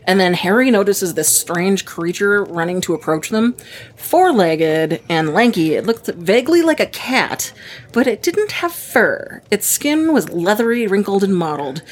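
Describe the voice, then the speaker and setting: A woman's voice: medium pitch, expressive, moderate pace. A woman co-hosting a podcast, chatting casually with dry, teasing quips. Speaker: podcast co-host. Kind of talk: casual chat.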